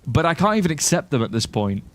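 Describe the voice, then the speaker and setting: A young British man from the United Kingdom streams a game, talking fast in a slightly high, fairly bright voice with big pitch swings and no echo. He rambles, jokes casually, and swears while reading chat aloud during his livestream.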